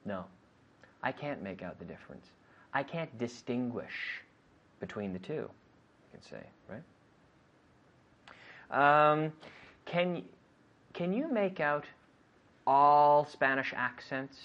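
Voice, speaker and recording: A man's voice: mid-range voice, slow pace, pauses often, muffled recording. A man, a native English speaker, teaching an English lesson and repeating questions over and over in a classroom drill. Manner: lively, repetitive questioning, acts out both sides of a dialogue.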